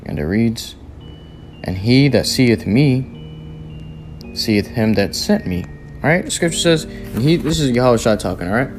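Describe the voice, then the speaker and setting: A man preaching a sermon, reading scripture aloud and driving points home in forceful, repetitive, slangy talk. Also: medium pitch, animated, a little slow, pauses often, music in the background.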